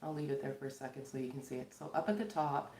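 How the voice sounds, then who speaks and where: A woman's voice: rumbling low, expressive, fast talker, darkish tone, slight background noise. A middle-aged woman from Canada, a tarot reader chatting casually and loosely to her viewers, with many fillers and frequent laughs. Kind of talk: casual spiritual chat to viewers. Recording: echoey room.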